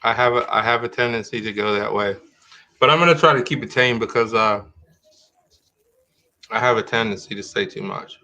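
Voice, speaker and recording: A man's voice: on the low side, moderate pace, pauses often, pushed and bright. A middle-aged man hosting a live-streamed talk show in casual chat, rambling and restarting his sentences as he thinks aloud.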